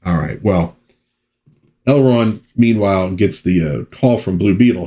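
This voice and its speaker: A man's voice: deep voice, unhurried, warm tone. A man casually recapping an old comic book issue, chatting about the plot with his own asides.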